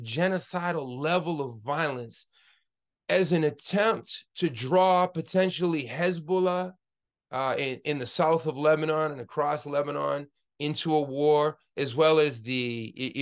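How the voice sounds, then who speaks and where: A man in his forties giving an online class lecture as the instructor, impassioned and rambling, with many fillers and restarts, into a computer mic on a video call. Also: fairly high pitch. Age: 40s.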